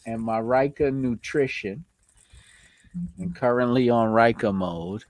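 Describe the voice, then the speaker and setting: A man with a New York accent hosting a casual live stream, giving shout-outs to viewers and laughing often. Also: medium pitch, takes it slowly, dry recording. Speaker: host.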